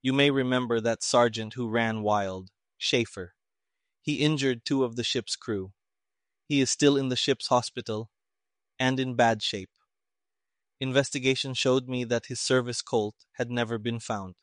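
A quiet, measured detective lays out his reasoning in precise, even words, as a male reader voices him. The sound is dry and close, with no room around it. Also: medium pitch, no room sound, close to an everyday voice. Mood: calm. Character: calm, shrewd male detective.

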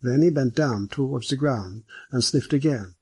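Husky male audiobook narrator. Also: medium pitch, moderate pace, darkish tone, no echo. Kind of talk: scripted mystery narration.

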